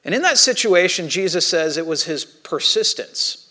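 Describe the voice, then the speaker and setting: A man's voice: high voice, moderate pace. A man in his thirties preaching a sermon, telling stories in a chatty way and acting out the voices of the people in them. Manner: animated storytelling, acting out quoted voices; conversational with frequent restarts. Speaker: pastor.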